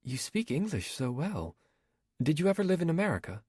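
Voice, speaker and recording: A man's voice: on the high side, big pitch swings, brisk, darkish tone, husky, no echo, clean studio sound, voice pushed up. A man reading an audiobook, voicing a bold young woman filmmaker who asks direct, eager questions. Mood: curious.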